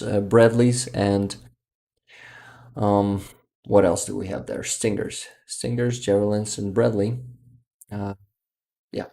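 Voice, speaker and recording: A man from Ukraine, hosting a casual livestream, reading viewer comments aloud in an unhurried way, searching for words and laughing often. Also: on the low side, vocal fry, mellow. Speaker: livestream host.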